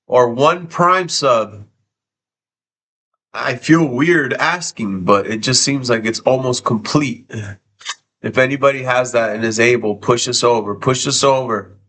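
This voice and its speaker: A man's voice: mid-range voice, unhurried, bright, forceful tone. A man live streaming from home, tearful and sniffly, talking emotionally and repeating himself, with frequent swearing. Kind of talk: casual live stream chat.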